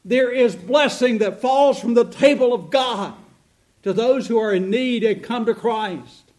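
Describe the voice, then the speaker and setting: A man's voice: very high voice, a little slow, darkish tone. A middle-aged man preaching a sermon as pastor, earnest and emphatic, asking the listeners rhetorical questions.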